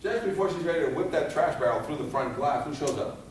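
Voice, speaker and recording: A man giving a fire safety seminar, animated and firing rhetorical questions at his audience, recorded in a seminar room. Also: fairly high pitch, fast talker, a little hiss or hum. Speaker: fire escape safety instructor. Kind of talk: seminar lecture. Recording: echoey hall from far off.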